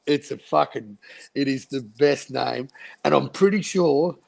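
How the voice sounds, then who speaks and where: A man's voice: medium pitch, measured pace, vocal fry. A man on a livestream panel, talking bluntly and swearing a lot in casual chat.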